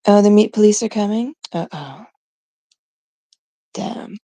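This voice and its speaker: A woman's voice: mid-range voice, expressive, a little slow, mellow, no room sound. A woman from Canada chatting casually on a live stream, rambling and giggling through mock-exasperated stories.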